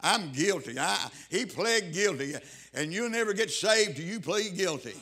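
A man preaches a sermon with a rhythmic, rolling cadence, stretching his emphatic phrases and breaking into interjections. His voice is bright and forceful, sitting a little higher than most men's. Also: expressive, unhurried.

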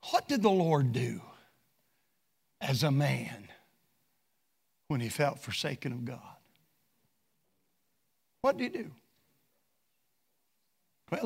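A man's voice: on the high side, very animated, takes it slowly, gravelly, pauses often, fairly bright tone. A man preaching a sermon in a fervent, emphatic way.

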